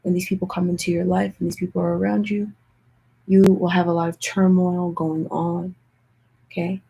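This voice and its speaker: A young woman tarot reader chatting casually with viewers in a hushed, half-whispered voice, often calling out to them directly. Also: on the low side, little pitch movement, normal speed, creaky, breathy edge, rough recording. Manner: chatty, keeps addressing viewers as "you guys". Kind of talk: casual livestream tarot chat.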